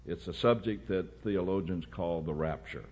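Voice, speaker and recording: Preacher guy, real low voice, gets loud and punchy. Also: normal speed. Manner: emphatic, rising to loud bursts. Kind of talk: sermon.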